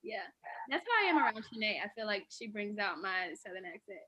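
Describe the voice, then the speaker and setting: A woman's voice: medium pitch, very animated, fairly quick, pushed and bright, slightly rough. A woman co-hosting a podcast, upbeat as she introduces the guest and asks her questions. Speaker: podcast co-host. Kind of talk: casual podcast chat.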